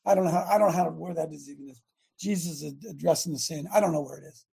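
An older man hosting a talk radio show, delivering a fiery, repetitive preachy rant that rises to shouts. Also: fairly high pitch, fast talker, gravelly, husky.

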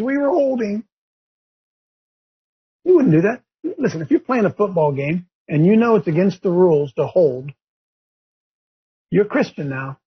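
A man hosting a talk show, ranting in a fiery, preachy way with a gravelly, husky voice. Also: very animated, moderate pace, pauses often, highs cut off. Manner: fiery and preachy, rising to shouts and high mocking voices. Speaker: show host. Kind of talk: impassioned talk show rant.

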